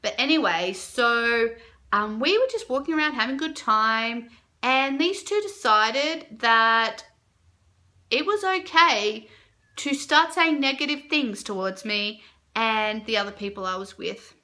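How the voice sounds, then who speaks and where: A young woman telling a story to camera in a casual, animated way, with lots of fillers and her own reactions jumping up high. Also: a little slow. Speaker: vlogger.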